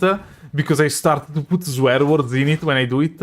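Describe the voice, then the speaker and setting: A man's voice: fairly high pitch, fairly even intonation, fairly quick, a bit bright. A man from Northeast Italy with a Northeast Italian accent, whose first language is Italian, streaming a game and rambling in casual asides while he plays. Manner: chatty, rambling asides between game reactions. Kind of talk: casual live gameplay commentary.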